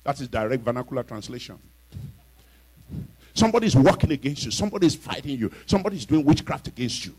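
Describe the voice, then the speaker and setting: A man preaching a fiery sermon, shouting and hammering his points home with repetition. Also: medium pitch, big pitch swings, fast, slightly rough, rough recording.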